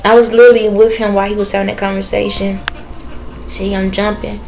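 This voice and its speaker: A woman's voice: medium pitch, little pitch movement, quick pace, gravelly, noisy background. A woman talking in a casual spiritual vlog, rambling and chatty, stopping now and then to listen before speaking to her viewers. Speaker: spiritual reader.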